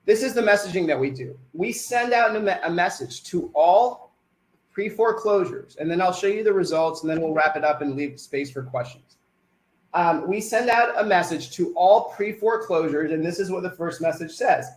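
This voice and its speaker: A man runs a sales presentation for a live online audience, often checking in with questions and then answering them himself. His voice sits a little high for a man, and the sound carries a noticeable room echo. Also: animated, normal speed.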